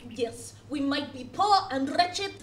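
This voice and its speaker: An actress playing a poor village wife in a theatrical, overacted way. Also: female voice, sits high, expressive, takes it slowly, echoey room, a little hiss or hum. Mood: earnest.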